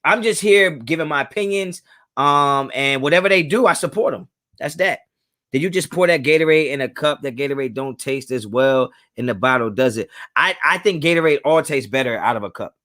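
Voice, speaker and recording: A young man, hosting a live stream and casually reading viewer chat, laid-back and slangy, laughing often and swinging his pitch up and down. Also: a little fast, a bit bright.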